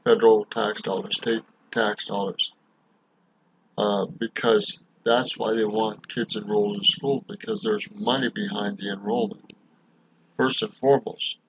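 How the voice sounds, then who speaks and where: A man's voice: on the low side, creaky, a bit bright, husky. A man commenting over an interview clip, repeating and stressing the key points. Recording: dull lo-fi audio.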